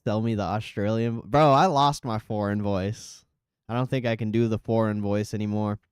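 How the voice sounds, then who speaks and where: A man hosting a live stream, chatting casually and reading out viewer comments, relaxed and profane. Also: on the low side, normal speed, clean tone, dry recording, clean studio sound. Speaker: livestream host.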